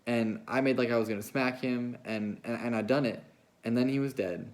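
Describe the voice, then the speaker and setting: A man reading a novel aloud, voicing a big, slow-witted, childlike ranch hand who talks in a plaintive, pleading way. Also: mid-range voice, close to an everyday voice. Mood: sullen.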